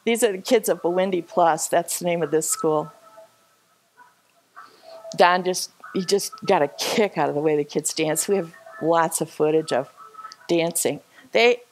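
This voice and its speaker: A woman's voice: lowish voice, poor audio. Chatty laughing woman telling a story. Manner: chatty, laughing often, animated. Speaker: church speaker sharing a trip slideshow. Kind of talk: casual storytelling talk. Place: church service.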